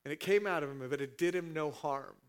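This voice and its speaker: Impassioned male preacher swinging loud and soft. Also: on the high side, fairly quick, smooth. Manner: dramatic swings from hushed to shouting, acting out scenes. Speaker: pastor. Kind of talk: sermon.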